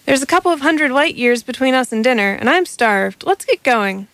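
A woman's voice: sits high, animated, moderate pace, a bit bright, no echo, pitched above the performer's own voice. A woman voicing a cautious, conscientious male alien hunter who protests anxiously. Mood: eager.

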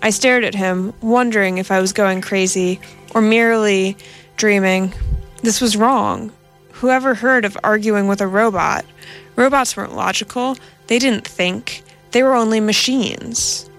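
A woman reading a first-person story in a steady, measured narration. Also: mid-range voice, faint music behind.

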